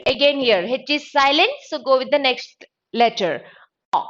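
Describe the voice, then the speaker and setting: Woman teaching grammar, high lively voice, repeats sounds over and over, kinda dull lo-fi audio. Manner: slow, drills sounds by repeating them. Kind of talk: exam-prep grammar lesson.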